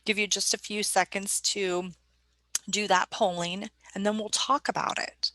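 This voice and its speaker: A woman's voice: medium pitch, flat delivery, unhurried, pushed and bright, no room sound. A woman presenting a staff training webinar in a conversational way, putting questions to her audience.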